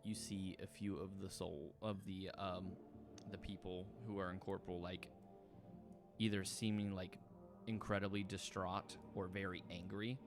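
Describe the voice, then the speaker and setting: Low, gravelly male game master narrating a fantasy game over music. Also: flat delivery, a little slow. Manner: loose, filler-heavy narration.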